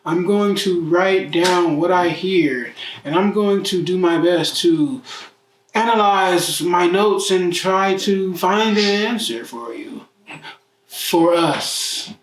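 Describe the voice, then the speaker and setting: A man rambles raw and profane in slow, drawn-out speech, his voice fairly high for a man. He sounds set back from the mic, with the echo of a bare room around him. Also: a little hiss or hum. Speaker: vlogger. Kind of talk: emotional self-talk vlog. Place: living room at home. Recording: roomy echo, mic far off.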